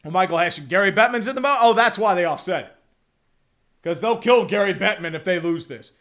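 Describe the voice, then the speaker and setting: High-voiced excitable hockey commentator man. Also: brisk. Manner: excitable, profane, rambling asides. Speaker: streamer doing play-by-play. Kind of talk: casual hockey play-by-play with chat reading.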